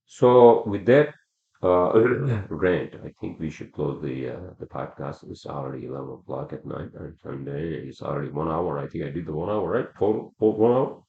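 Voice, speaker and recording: A man with a very deep voice and vocal fry hosts a solo podcast, ranting heatedly and swearing a lot at a moderate pace with few pauses. He often asks "all right?", and the sound is roomy, dull, and lo-fi.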